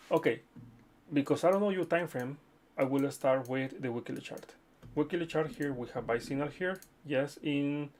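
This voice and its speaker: Gravelly-voiced man hosting a live chart stream. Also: mid-range voice. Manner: chatty, repeats okay, addresses viewers as friends. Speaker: livestream host reading viewer chart requests. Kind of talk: casual live chart analysis.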